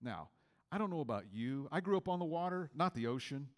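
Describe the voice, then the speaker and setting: A middle-aged man from Georgia preaches in a loose, conversational storytelling way. His voice sits a little higher than most men's, and he voices the other people in his story himself. At key points he drops low and quiet to drive home a point. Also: lively intonation, a little fast, long reverb tail. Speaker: pastor. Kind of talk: sermon with personal story.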